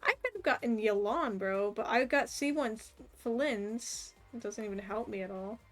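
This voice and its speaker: A woman's voice: fairly high pitch, moderate pace. A young woman streaming casually while she draws, rambling along with lots of "like" and little laughs. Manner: rambling and chatty with frequent "like" and laughs. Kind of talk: casual chat while drawing. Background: faint background music.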